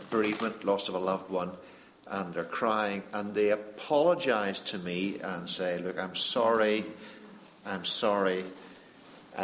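A man leads a panel discussion in a reflective, earnest way, pausing and restarting as he thinks. His voice sits on the low side, with faint noise behind. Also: a bit bright. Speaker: panel moderator.

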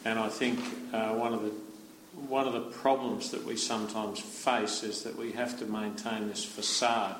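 An Australian man speaking as a panel guest, frank and self-deprecating, with halting restarts. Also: on the low side, little pitch movement, roomy sound, background noise. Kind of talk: panel discussion.

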